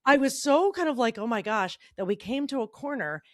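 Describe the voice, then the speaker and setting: A woman's voice: fairly high pitch, a little fast, no room sound, clean studio sound. A woman co-hosting a casual chat podcast, telling stories with lots of swearing and acted-out quotes. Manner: animated storyteller, swears, acts out quotes. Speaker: podcast co-host.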